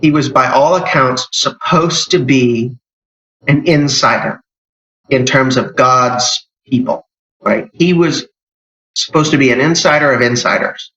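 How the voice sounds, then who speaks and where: A man's voice: mid-range voice, a little slow, pushed and bright. A man, a church elder, giving an informal sermon in a conversational way, with emphatic rises and restarts. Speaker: church elder teaching a Bible lesson. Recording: echoey church hall, dull lo-fi sound.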